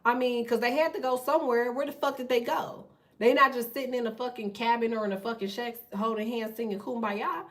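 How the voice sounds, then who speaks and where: Woman ranting off the cuff, cussing a lot, kinda high voice, sitting back from the mic. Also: steady tone, a bit bright, distant mic. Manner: blunt, profane, fast-talking. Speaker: tarot channel host. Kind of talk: casual ranting monologue.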